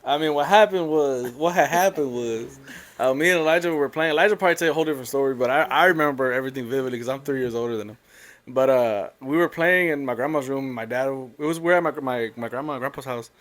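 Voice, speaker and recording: A man telling a long family story in a casual, rambling, animated way. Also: medium pitch, quick pace.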